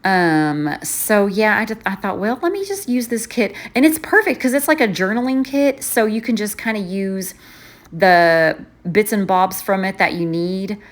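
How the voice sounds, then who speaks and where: A woman's voice: mid-range voice, animated, moderate pace. A woman vlogger chatting casually while setting up her planner, rambling and poking fun at herself. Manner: rambling, chatty and self-mocking, often trailing off.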